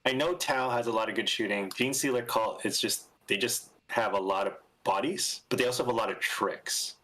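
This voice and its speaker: A man's voice: mid-range voice, brisk, bright, forceful tone, a little hiss or hum, poor audio. Hesitant man chatting on a podcast. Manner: hesitant, filler-heavy. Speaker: league podcast co-host. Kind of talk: casual podcast chat.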